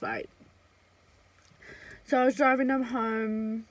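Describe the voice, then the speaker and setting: A young woman vlogging a casual storytime, chatty and blunt, swearing freely and filling pauses with "um" and "like". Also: mid-range voice, no echo, poor audio.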